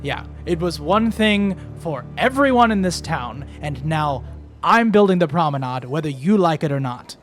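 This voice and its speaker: A game master putting on an arrogant 1920s tycoon in a tabletop game. He speaks with smug, domineering calm, sure he owns the room. Faint music sits behind. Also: a little high, moderate pace, close to an everyday voice. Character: arrogant wealthy man, smug and bullying.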